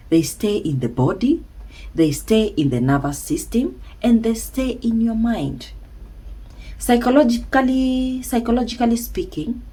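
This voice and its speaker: A woman speaking slowly and emphatically as a self-help speaker, with dramatic pauses and hushed asides. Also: mid-range voice, slightly rough, low-quality recording. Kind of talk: slow reflective monologue.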